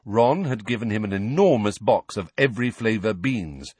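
A man narrating a fantasy audiobook in a low, husky voice. His reading rises and falls expressively, close to the mic in a dry space. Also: lively intonation, moderate pace, darkish tone, dry recording.

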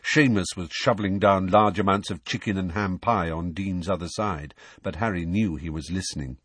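A man reading a novel aloud as an audiobook narrator, in measured storytelling. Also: low voice, husky, dry recording. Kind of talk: scripted narration.

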